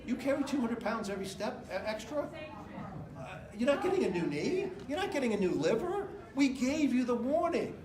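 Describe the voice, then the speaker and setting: Speaking in a high, sing-song voice at a brisk clip, a middle-aged American candidate gives an off-the-cuff campaign speech with a crowd audible behind him. He rambles emphatically between anecdotes and numbers as his words echo through the indoor room.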